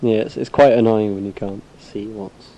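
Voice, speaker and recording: A man's voice: lowish voice, fairly even intonation, moderate pace, mellow, slight background noise, low-quality recording. A young man from England co-hosting a casual podcast, chatting eagerly about music and gigs. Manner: eager, enthusiastic. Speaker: podcast co-host. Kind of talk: casual chat.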